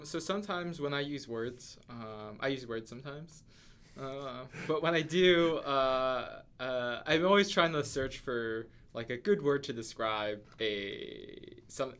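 A man co-hosting a podcast, chatting casually and rambling as he hunts for the right word. His voice is gravelly with a bright, forward edge. He fills his sentences with ums and uhs. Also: medium pitch, measured pace. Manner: rambling, searching for words with many fillers. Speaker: podcast co-host.

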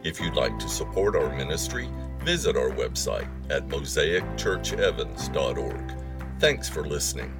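A man reading a scripted intro for a church's weekly message podcast in a smooth, lively way. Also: a bass voice, moderate pace. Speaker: announcer. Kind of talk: scripted announcement. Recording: guitar music behind.

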